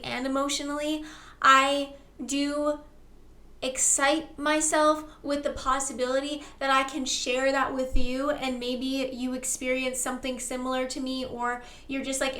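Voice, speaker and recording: A woman's voice: high-pitched, bright, forceful tone. A young woman vlogging about manifesting, effusive and rambling with lots of fillers, slipping into chanted affirmations. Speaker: spiritual vlogger. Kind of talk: casual affirmation monologue to camera.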